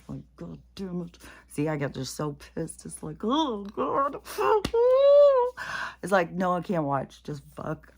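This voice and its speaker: A woman ranting casually to camera, exasperated and profane, swinging from muttered asides to loud outbursts. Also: low-pitched, vocal fry. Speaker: commentator.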